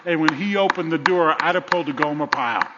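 A man's voice: a little high, fast talker, background noise. A man preaching a sermon, dramatic and humorous, acting out the lines of people in the story. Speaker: pastor. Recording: dull sound with long hall reverb.

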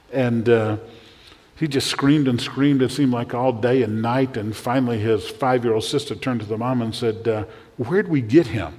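A male pastor preaching a sermon in a church, animated, often acting out the voices he quotes and repeating words as he goes. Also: medium pitch. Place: church sanctuary. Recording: long hall reverb.

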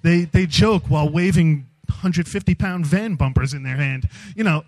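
A man speaking as a youth speaker, giving a humorous storytelling sermon in an animated, self-mocking way. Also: on the high side, moderate pace, low-quality recording.

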